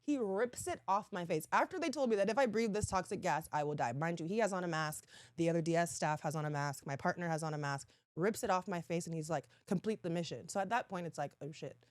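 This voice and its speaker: A woman guest in a casual podcast chat who tells her stories with lively energy. Her voice sits a little low, and the sound is dry and close. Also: quick pace, few pauses, no echo. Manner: animated storytelling, laughs often.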